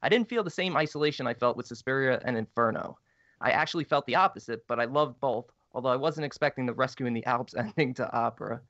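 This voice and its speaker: A man's voice: mid-range voice, quick pace, a bit bright, no room sound, lo-fi sound. Blunt grumbling horror podcast man. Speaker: podcast co-host. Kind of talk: casual podcast chat and reading listener email aloud.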